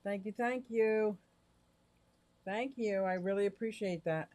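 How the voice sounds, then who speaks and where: A chatty, excitable man livestreaming from his home fish room into a directional mic, talking to viewers while fiddling with his gear. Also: high-pitched, measured pace, dry recording. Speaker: aquarium hobbyist livestreamer. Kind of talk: casual live stream chat to viewers. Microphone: directional microphone.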